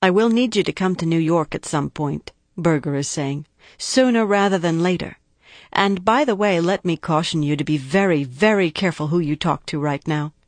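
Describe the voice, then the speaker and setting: A woman reading the lines of a cautious female prosecutor in an audiobook, deliberate and precise. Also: fairly low pitch, dry recording, close to an everyday voice. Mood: cautioning. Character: guarded, measured female prosecutor, middle-aged.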